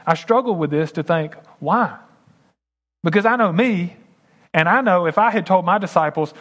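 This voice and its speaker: A male pastor delivering a sermon in a fairly high voice. He talks to his congregation in a relaxed, conversational way between passages of scripture he reads aloud. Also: moderate pace. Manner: conversational, addressing the congregation directly.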